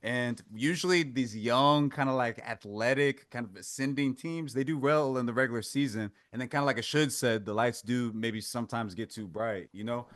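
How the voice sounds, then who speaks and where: A man's voice: mid-range voice, moderate pace, few pauses, a bit bright, dry recording, studio quality. A man hosting a casual sports podcast, pushing back on points and pulling others into the discussion. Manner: pushes back, steers the talk, asks others in. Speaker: podcast host.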